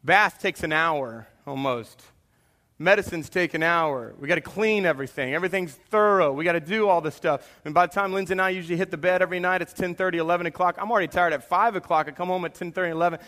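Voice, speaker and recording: High, bright-voiced preacher man. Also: fast talker. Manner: animated preaching, drops to a quiet hush for confessions. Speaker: pastor. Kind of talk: sermon.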